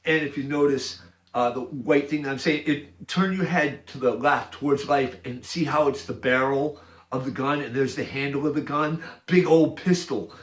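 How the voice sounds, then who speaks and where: A man's voice: mid-range voice, normal speed. Rambling man describing a picture. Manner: rambling, repetitive, hesitant, with restarts. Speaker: video maker. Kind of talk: casual monologue describing an image.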